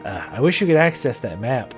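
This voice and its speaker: A man's voice: mid-range voice, very animated, brisk, soft background music. A man chatting casually as he plays a video game, musing aloud and laughing often. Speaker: gameplay video host. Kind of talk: casual gameplay commentary.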